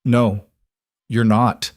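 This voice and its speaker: A man's voice: mid-range voice, little pitch movement, extremely slow, dry recording. A man playing a wounded male alpha wolf king who speaks tersely with a dry, teasing wit. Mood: dry, weary.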